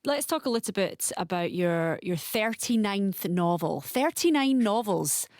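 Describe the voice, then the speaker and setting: A woman presenter asking questions in a polite, encouraging way. Her voice sounds close and dry, with no room around it, at an ordinary pitch for a woman. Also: expressive, measured pace, darkish tone, no room sound. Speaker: radio presenter. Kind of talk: interviewing a guest.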